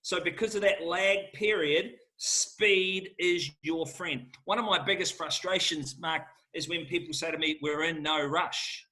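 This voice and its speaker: A man's voice: high voice, unhurried, hardly any pauses, sharp tone. A middle-aged man, answering questions as an auctioneer in an emphatic, fired-up salesman manner. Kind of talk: lively Q&A answers.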